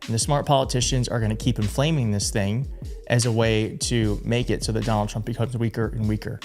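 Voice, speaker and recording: A man's voice: fairly low pitch, steady tone, brisk, darkish tone, faint music behind. A man hosting a political commentary show, talking in a conversational, indignant way. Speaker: show host.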